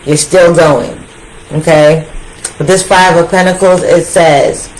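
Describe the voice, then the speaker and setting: A woman giving a casual tarot reading, talking straight to her viewers in an animated, slangy way that repeats phrases for emphasis. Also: fairly low pitch, takes it slowly, a little hiss or hum, low-quality recording. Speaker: tarot reader.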